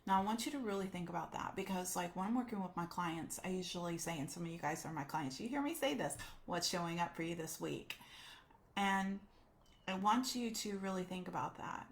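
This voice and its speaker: A woman life coach telling a personal story, animated and acting out the voices she quotes. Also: lowish voice, brisk.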